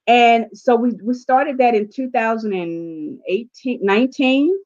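Speaking a little slowly with hardly any pauses, this southern U.S. life coach recounts her story in an interview. Her voice is on the high side with the top end cut off, and she animatedly performs her own quoted lines.

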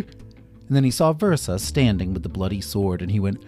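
A man narrating a children's story in an animated way, acting out every character himself. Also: lowish voice, moderate pace, soft background music.

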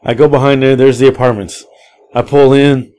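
A man hosting a podcast, casually telling a long, profane story in a rambling, animated way. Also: mid-range voice, moderate pace, clear, resonant tone. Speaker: podcast host.

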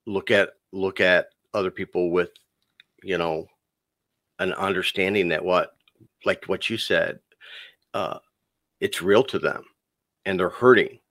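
A man on a podcast telling a personal story in a lively, conversational way, acting out the dialogue and calling the listener "dude.". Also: low-pitched, unhurried, pauses often, no room sound. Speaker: podcast guest.

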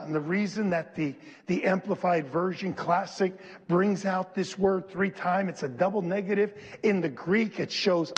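Emphatic high-voiced preacher in a reverberant church. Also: male voice, husky. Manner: emphatic call-and-response preaching, leading the congregation in repeating lines; slows and stresses key phrases, rising to shouts. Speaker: pastor. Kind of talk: sermon.

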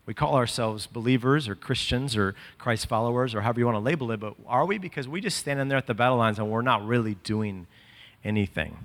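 A man delivering a sermon with a bright, forceful edge in a slightly raised register. He climbs into impassioned shouting and then settles into casual, chatty asides. His voice rings out with the long reverb of a big hall. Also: fairly high pitch. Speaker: preacher.

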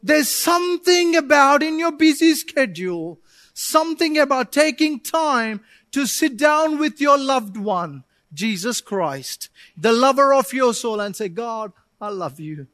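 High-voiced man preaching a lively sermon. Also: measured pace, no echo. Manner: animated, joking with the congregation; builds to emphatic shouting. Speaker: pastor. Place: church service.

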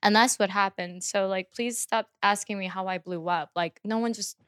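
A young woman musician talking as a podcast guest. She is blunt, profane and animated in how she tells her story. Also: mid-range voice, normal speed, clear, resonant tone. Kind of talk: casual podcast interview.

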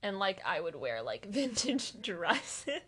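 A woman's voice: medium pitch, big pitch swings, slow pace, a bit bright, slightly rough. A young woman chatting casually with a friend, rambling with many fillers and frequent laughter. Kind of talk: casual chat between friends.

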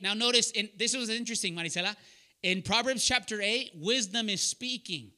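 Fairly quick and sharp-toned, this preacher's high voice leads a young adults Bible study. He speaks with earnest directness, drawing on his own stories and questioning people by name.

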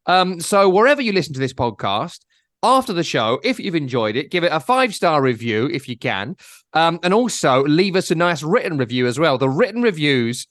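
A man's voice: fairly high pitch, big pitch swings, a little fast, fairly bright tone, no room sound, studio quality. A man hosting a podcast, rambling and teasing his co-host in casual chat.

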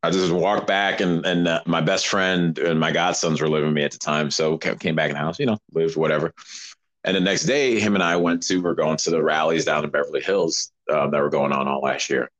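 A man, a guest, telling a story in casual interview talk, animated and rambling with many restarts. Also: extremely low pitch, fairly quick.

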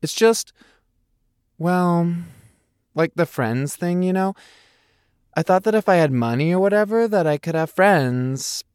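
This is a chatty, rambling young man from a storybook, cheerful and a little scatterbrained, as a male narrator puts him on. He sits slightly above the narrator's own pitch, and the reading sounds dry and close. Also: expressive, a little slow, pauses often, a little mellow, clean tone, no room sound. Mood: earnest. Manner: rambling, chatty, self-deprecating.

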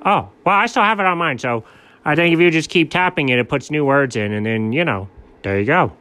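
Man, host, casual comedic chat, slightly higher voice, lively. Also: fairly quick.

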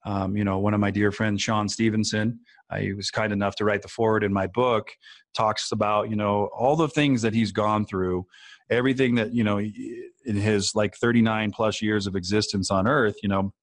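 On a dry recording, a man who is an author and a podcast guest or co-host talks casually and earnestly about feelings. His fairly low voice holds a fairly even tone at a moderate pace as he rambles reflectively, using lots of filler words.

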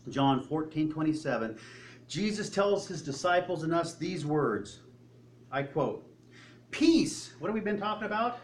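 Older male pastor, slightly raised pitch, conversational sermon delivery that acts out dialogue, faint ambient noise. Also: animated, normal speed.

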